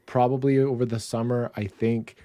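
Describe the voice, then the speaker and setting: A man from Canada hosting a livestream in relaxed, casual chat. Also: mid-range voice, moderate pace, slight background noise. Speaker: livestream host.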